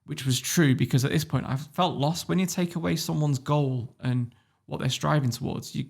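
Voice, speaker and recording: A man from Warrington with a northern English accent, telling stories as a podcast guest in a casual, animated way, swearing freely. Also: on the high side, normal speed, gravelly, slightly rough. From Warrington, England. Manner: animated storyteller, swears freely, laughs often. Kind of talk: casual interview storytelling.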